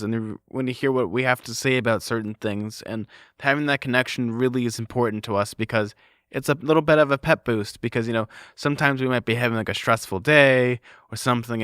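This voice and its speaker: Brief: male podcast co-host, chatty, smooth, dry close sound. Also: medium pitch, a bit bright, dry recording. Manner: filler-heavy, chatty with lots of "like". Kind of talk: casual chat.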